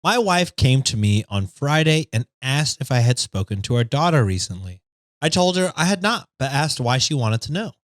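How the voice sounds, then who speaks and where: A man's voice: medium pitch, very animated, moderate pace, no room sound. A man co-hosting a podcast, reading stories aloud in a casual chat and laughing often.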